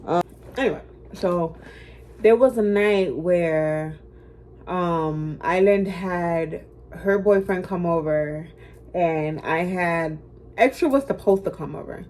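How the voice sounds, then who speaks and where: Young woman spilling a story, lowish voice, blunt and slangy, swears a lot. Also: slow pace, a little mellow. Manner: blunt, profane, slangy, self-mocking. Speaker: storytime vlogger. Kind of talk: casual storytelling to camera.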